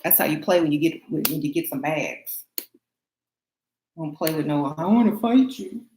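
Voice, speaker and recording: A woman with a fairly low voice chats and laughs with her live chat as she gets ready at home. Her casual talk carries a roomy echo, with a faint hiss behind it. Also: steady tone, moderate pace, a little mellow. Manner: chatty, laughing, answers chat comments. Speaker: beauty vlogger livestreaming to chat.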